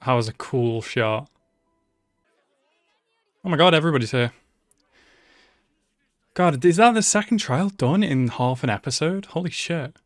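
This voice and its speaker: Male anime reactor, unhurried delivery, dead-dry close mic, swears, talks to the screen. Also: fairly high pitch, expressive, no room sound. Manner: emotional, swears freely, talks back to the screen. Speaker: anime reaction channel host. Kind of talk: live reaction commentary.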